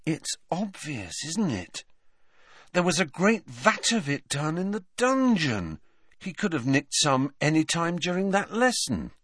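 An eager, impulsive teenage boy wizard from a storybook, lifted well above the reader's own voice and bouncing with lively ups and downs, as a man reads him. The words rush out whenever an idea lands, in a dry, close sound. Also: a little high, husky, dry recording, voice pushed up, full character voice. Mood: puzzling. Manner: excited, quick to leap at ideas.

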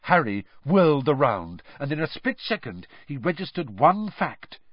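Expressive male audiobook narrator. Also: fairly high pitch, moderate pace, husky, no room sound, muffled recording. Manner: dramatic, expressive reading.

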